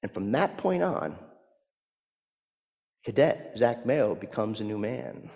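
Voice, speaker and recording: A male pastor preaching a sermon, telling a story and swinging from hushed words to loud emphasis. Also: lowish voice, big pitch swings, slow pace, vocal fry, long reverb tail.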